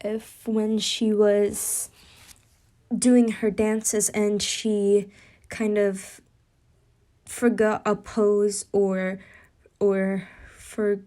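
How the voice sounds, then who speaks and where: Slow, rambling young woman storyteller. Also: mid-range voice, completely flat delivery, dark tone. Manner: rambling, with many fillers and self-corrections. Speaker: fan storyteller. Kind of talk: casual improvised story narration.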